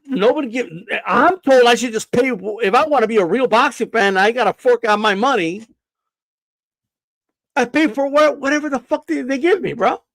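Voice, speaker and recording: A man's voice: very high voice, moderate pace, a bit bright, no echo. A man hosting a boxing live stream, ranting defiantly and profanely, often stammering and repeating himself. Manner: stammers and restarts.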